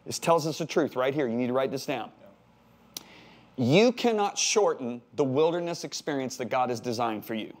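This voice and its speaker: A man in his sixties from the United States, teaching a sermon with animated emphasis, repeated words and jokey asides. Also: mid-range voice, normal speed. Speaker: pastor. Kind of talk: sermon-style Bible teaching.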